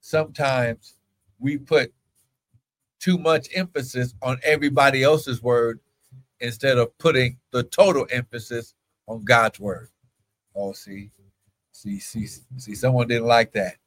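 Guy preaching hard, yelling out praise, speaking in tongues, normal pitched voice. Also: fairly even intonation, unhurried, long pauses, rough recording. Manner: preaching with sudden loud cries and speaking in tongues. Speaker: pastor. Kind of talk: livestream sermon with prayer.

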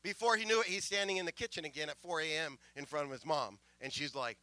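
Emotional preacher man, bright and dry. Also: a little high, quick pace, no echo. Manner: emotional, rising from soft asides to loud proclamations; stammering restarts. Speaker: pastor. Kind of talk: sermon storytelling.

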